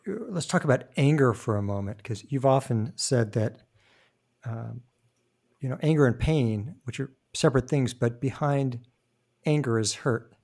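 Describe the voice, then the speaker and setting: A man's voice: mid-range voice, lively intonation, unhurried, creaky, a little mellow. A man hosting a podcast interview, prompting his guest in a conversational way, a bit away from the mic. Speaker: podcast host. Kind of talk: interview questions.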